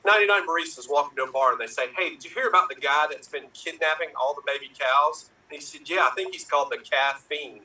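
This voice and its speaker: A man rattling off pun jokes in an online improv game, quick setup and flat punchline. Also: a little high. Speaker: improv performer. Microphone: video call. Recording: roomy, distant, faint noise.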